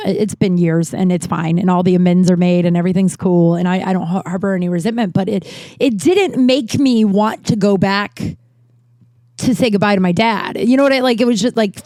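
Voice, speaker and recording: A woman's voice: medium pitch, creaky, mellow, dry recording, studio quality. A woman hosting a podcast, telling personal stories in a rambling, candid way and swearing freely. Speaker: podcast host. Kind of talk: casual storytelling monologue.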